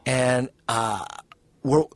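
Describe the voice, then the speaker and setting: A man telling a story in excited, profane casual chat, often shouting out quoted lines. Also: medium pitch, drawn-out words, no room sound. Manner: animated, profane, acts out phone call in shouts. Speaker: podcast guest.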